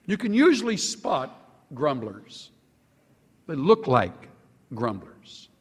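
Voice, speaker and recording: A man preaching a sermon to a congregation, animated, stretching out key words for emphasis. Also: slightly rough, in a large hall. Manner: animated, sweeping pitch swings with slow drawn-out emphasis. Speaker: pastor.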